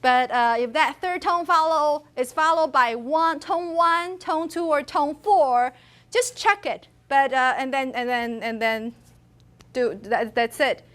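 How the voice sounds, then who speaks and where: A woman's voice: high-pitched, measured pace, fairly bright tone. A woman giving a university phonetics lecture in a classroom. She switches between English and Mandarin and says tones aloud to demonstrate them.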